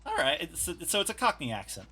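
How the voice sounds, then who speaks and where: A man's voice: fairly high pitch, huge pitch swings, quick pace, sharp tone, soft background music. A man from New York, streaming and chatting casually, laid-back and sweary, speaking into a desktop USB mic. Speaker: streamer host. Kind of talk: casual chat while drawing on stream. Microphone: desktop USB microphone.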